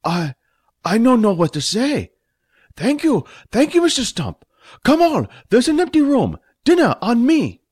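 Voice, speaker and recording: A man voicing an excitable, hot-tempered male restaurant owner who speaks in broken English in a very high, loud voice. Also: unhurried, slightly rough, dry recording, clean studio sound, exaggerated voice. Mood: overjoyed.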